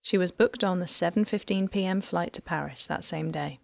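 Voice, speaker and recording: A woman narrating an audiobook in an even, measured storytelling manner. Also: on the low side, vocal fry, dry recording. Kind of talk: scripted narration.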